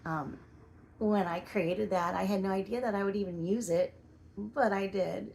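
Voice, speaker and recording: A woman giving reflective personal narration in a soft, measured way, at times dropping to a whisper. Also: medium pitch, gravelly, a little hiss or hum. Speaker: vlogger.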